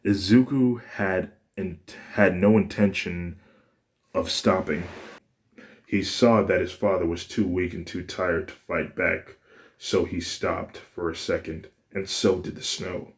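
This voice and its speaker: Low, slow-talking male storyteller. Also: steady tone. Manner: plain, unpolished reading with restarts. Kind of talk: fan fiction narration.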